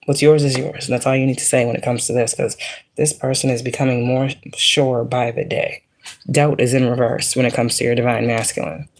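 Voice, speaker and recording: A woman's voice: a bass voice, flat delivery, fairly quick, a little mellow, slight background noise. Profane, joking spiritual reader woman. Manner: blunt, profane, joking asides. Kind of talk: casual spiritual reading.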